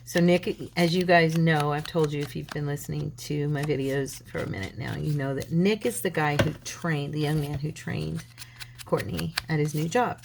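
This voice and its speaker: Low-voiced woman chatting while crafting. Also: moderate pace, creaky, noisy background. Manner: rambling, chatty storytelling with many restarts. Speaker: crafting channel host. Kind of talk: casual chat while crafting.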